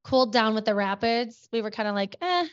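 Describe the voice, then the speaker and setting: A woman in her thirties from Minnesota, a podcast guest chatting quickly and animatedly with many "like"s. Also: fairly high pitch, clean tone, no echo, muffled recording. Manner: animated, talks fast with many "like"s. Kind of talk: casual chat.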